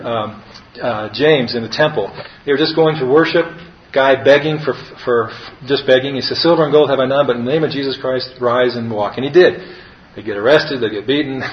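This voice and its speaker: A man's voice: medium pitch, fairly quick, roomy sound, dull audio, slight background noise. A man preaching a conversational sermon, telling a story with chuckles and fillers.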